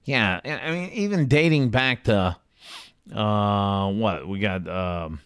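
A man's voice: lowish voice, animated, slow, fairly bright tone, smooth, dry recording, clean studio sound. Blunt, chatty man picking horses. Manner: blunt, chatty, swears casually. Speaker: horse racing handicapper. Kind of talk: casual race picks talk.

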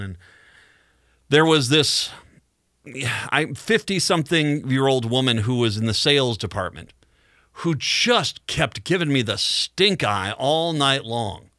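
Radio host, male, bright forward tone, dry close mic, loose rambling storyteller. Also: mid-range voice, no echo. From Midwest United States. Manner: rambling storyteller with frequent restarts and chuckles. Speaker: radio talk show host. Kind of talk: casual monologue.

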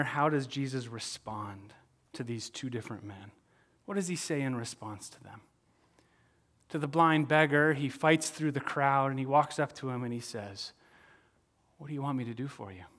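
A male pastor preaching a sermon, asking the audience questions and moving between soft asides and raised emphasis. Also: mid-range voice, moderate pace.

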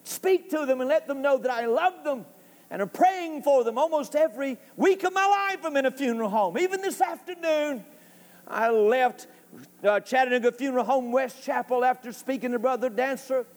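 A man preaching an impassioned sermon as pastor, rising to shouts at its peaks. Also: very high voice, expressive, normal speed. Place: church sanctuary. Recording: church hall reverb.

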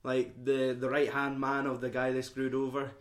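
A man's voice: mid-range voice, moderate pace. Young guy, casual film chat with his mates, swears loads, middling voice. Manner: swearing, animated retelling with put-on quotes.

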